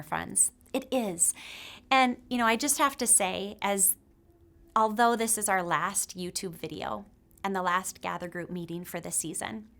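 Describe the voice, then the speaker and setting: A woman's voice: medium pitch, a bit bright. Middle-aged woman, encouraging speaker for a moms' group, conversational and heartfelt. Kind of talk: encouraging faith-based talk.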